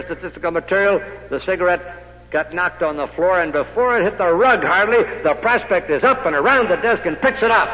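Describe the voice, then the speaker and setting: A man's voice: a little high, a bit bright. A man giving a motivational speech to salesmen, telling stories punctuated with punchy rhetorical questions. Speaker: speaker addressing salesmen. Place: meeting hall with audience. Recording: echoey hall on dull old recording.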